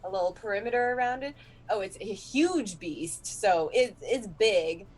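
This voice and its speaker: A woman playing a tabletop game, talking casually, often laughing and thinking out loud. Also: mid-range voice, animated, moderate pace, husky. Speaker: player.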